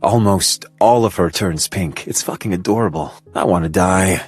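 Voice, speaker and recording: A man narrating a first-person audiobook in a playful, expressive way. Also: low voice, moderate pace, hardly any pauses, faint music behind. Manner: expressive, playful, laughs while reading.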